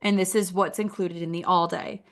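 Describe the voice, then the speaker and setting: A woman walking through a website critique in a relaxed, conversational way. She talks casually and encouragingly, filling her sentences with "like" as she thinks aloud. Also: fairly low pitch, normal speed. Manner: chatty, encouraging, uses "like" a lot. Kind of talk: casual screen-share critique.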